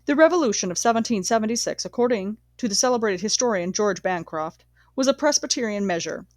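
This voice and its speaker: A woman's voice: medium pitch, no echo. Woman reading history aloud, dry sound. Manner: measured, steady reading with occasional self-corrections. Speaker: audiobook reader.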